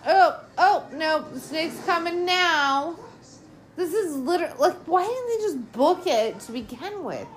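An exasperated woman talks through a movie as it plays, her voice jumping between high and low as she reacts. She speaks slowly and drags out her words. A faint hiss sits under her voice. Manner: lively, exasperated, heavy swearing. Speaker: podcast host. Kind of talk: casual movie commentary.

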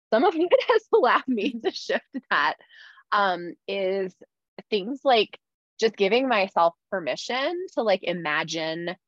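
A woman's voice: lowish voice, fairly bright tone, dry recording. A woman talking candidly in casual podcast chat, with lots of "like" fillers. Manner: candid, chatty, many "like" fillers. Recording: slightly dull dry sound.

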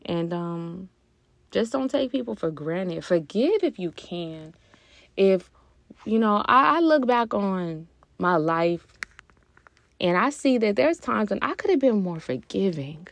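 A woman's voice: medium pitch, expressive, slow pace, gravelly, no echo. A young woman hosting a podcast, speaking earnestly and from the heart in a reflective personal talk, with hesitant fillers along the way. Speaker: podcast host.

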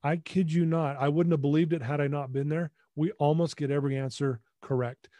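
A man telling a personal story as a podcast guest, in an emphatic, animated way. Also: a little high, brisk, no echo.

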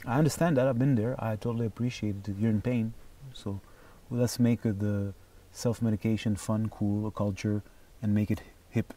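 A man speaking as an interview guest, telling stories in an animated, emphatic way and swearing freely. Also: on the low side, moderate pace, distant mic. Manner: animated, profane, emphatic storyteller. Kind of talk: casual conversation.

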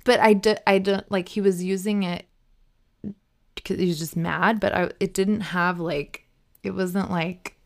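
A woman's voice: medium pitch, fairly even intonation, a little slow. A woman co-hosting a podcast, talking casually and bluntly, swearing freely and using lots of fillers. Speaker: podcast co-host. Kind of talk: casual chat. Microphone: remote call mic.

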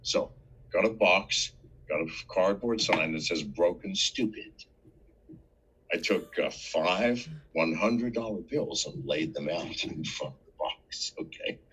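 A man telling a story in a casual interview, animated and full of profanity. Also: deep voice, slow, slight background noise, poor audio. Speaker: interview guest.

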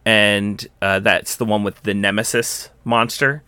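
Young man, casual chat, rambling, bright voice, dry recording. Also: fairly low pitch, fairly even intonation, measured pace, clear, resonant tone, no echo. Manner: rambling, many fillers and restarts.

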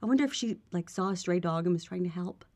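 Lower-voiced woman telling stories. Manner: animated, quick storytelling. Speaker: podcast co-host. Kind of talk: casual chat, storytelling.

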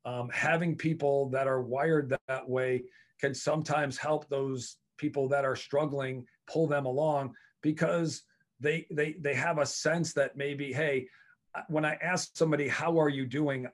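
A man's voice: fairly high pitch, fairly even intonation, unhurried. A man who is a college lacrosse coach, talking earnestly as a podcast guest and often repeating words as he works out his thoughts. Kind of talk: casual interview talk.

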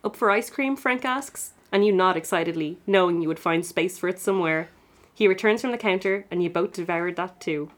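A woman's voice: lowish voice, a little fast. A young woman, reading her old fan fiction aloud on a comedy podcast, giggling and poking fun at herself between passages. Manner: giggly, self-mocking, laughing through the reading. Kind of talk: reading aloud with comic asides.

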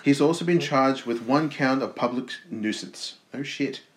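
A man's voice: mid-range voice, normal speed, slight background noise. Australian man reading news with jokes. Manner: reads news stories aloud with jokey asides. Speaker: podcast co-host. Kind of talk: casual podcast banter. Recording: roomy echo.

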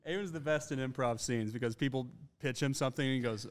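A man joins a comedy podcast's casual banter with relaxed, chuckling asides. His voice rests at an ordinary middle pitch. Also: quick pace.

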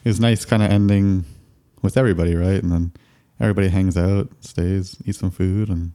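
A relaxed man in casual conversation, dropping short, easygoing remarks. His voice is very deep and warm. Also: a little fast. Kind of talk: casual chat.

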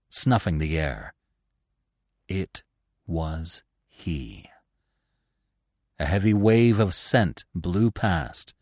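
A man narrating a classic novel for a podcast, dramatic, dropping to a hush and then rising to loud passages. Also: medium pitch, no room sound, studio quality. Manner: dramatic, with big swings between hushed lines and loud ones.

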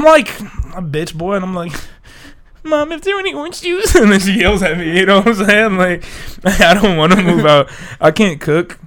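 A sick young man co-hosts a casual podcast chat over a desk mic, his voice smooth, fairly bright, and on the high side. He jokes around, curses plenty, and laughs often.

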